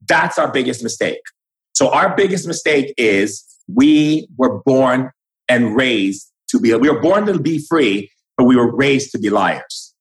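A man's voice: mid-range voice, expressive, a little slow, poor audio. A man speaking as a spiritual guide in an impassioned, preachy way, acting out quoted conversations.

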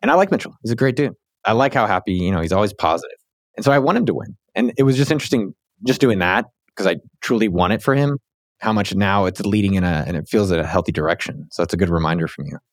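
A man's voice: lowish voice, animated, fast talker, no echo, studio quality. A man hosting a podcast, talking casually and animatedly with frequent restarts. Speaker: podcast host. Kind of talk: casual interview chat.

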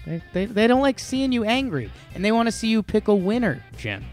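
Man, sports podcast co-host, higher pitch, rambling and joking, faint music behind. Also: very animated, fairly quick. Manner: rambling, joking, many restarts. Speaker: podcast co-host making betting picks. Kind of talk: casual sports chat.

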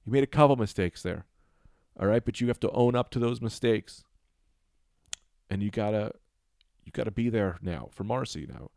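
A man's voice: lowish voice, lively intonation, moderate pace, creaky, a little mellow, no echo, studio quality. A man hosting an improvised comedy call-in show, profane and laid-back, giving advice.

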